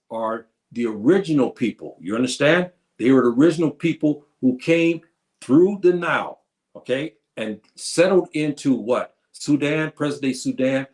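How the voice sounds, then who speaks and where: Calling his audience brothers and sisters, this man from the United States delivers a casual history lecture, frequently stopping and repeating as he restarts his phrases. He speaks at a medium pitch with a slightly mellow quality.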